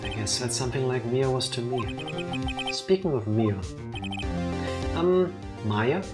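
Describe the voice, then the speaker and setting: A woman's voice: very deep voice, lively intonation, slow pace, full character voice. A woman reading the lines of a wry young male rookie lawyer in a dry, sarcastic way, with game music behind.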